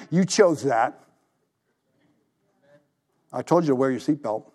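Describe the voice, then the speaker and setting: A male pastor preaching a sermon, telling stories animatedly, acting out the voices he quotes and dropping to a hush for emphasis. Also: high-pitched, a little slow, pauses often, smooth. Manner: drops to a hushed voice for emphasis.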